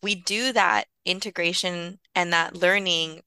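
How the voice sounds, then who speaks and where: A woman speaks with a bright, forward tone and a crisp, smooth voice. She talks earnestly as a podcast guest, leaning on "like" and "you know" as she explains. The sound is close and dry. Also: fairly low pitch, fairly even intonation, unhurried, no room sound. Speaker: guest expert on early childhood trauma care. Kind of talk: conversational podcast interview.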